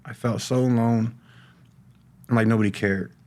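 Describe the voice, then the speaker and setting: A middle-aged Californian man, a podcast guest, shares his recovery story as a personal testimony in casual talk. He speaks haltingly, restarting and repeating words, in a medium-pitched, steady, slightly mellow voice.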